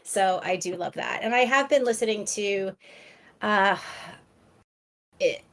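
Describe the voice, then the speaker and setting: A woman author chatting as a podcast guest, enthusiastic and quick to laugh, often restarting her sentences. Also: mid-range voice, a bit bright. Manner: frequent restarts and stammers. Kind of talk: casual podcast chat.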